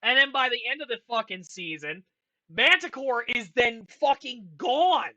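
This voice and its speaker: Casual vlogger, male, frustrated profane rant, slow delivery, bright tone. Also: extremely high pitch, animated. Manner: profane, exasperated ranting with sighs. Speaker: vlogger ranking a film franchise. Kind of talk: casual ranting commentary.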